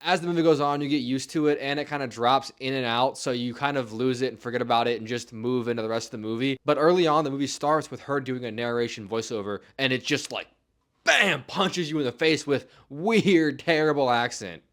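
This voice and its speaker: A man's voice: mid-range voice, quick pace, hardly any pauses, fairly bright tone, smooth. Blunt, casual man reviewing a movie. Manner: blunt, exclamatory, casual swearing.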